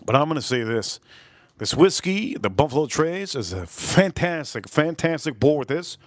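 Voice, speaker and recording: A man hosting a casual live-stream whiskey tasting, rambling and repeating phrases while giving shout-outs to his chat. His voice sounds a little deeper than usual, as if he is coming down with something. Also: sing-song, moderate pace, a little hiss or hum. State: voice turning deeper, feeling a bit ill.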